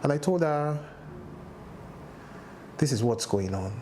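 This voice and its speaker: A man, a guest on a talk show, recounting a personal loss in halting, emotional testimony, his voice rising and breaking with distress. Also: mid-range voice, expressive, noisy background. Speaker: interview guest.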